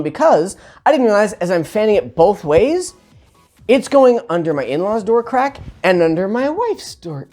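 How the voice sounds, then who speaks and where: A man telling a funny personal story in a casual, animated, self-mocking way, with sarcastic asides. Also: sits high.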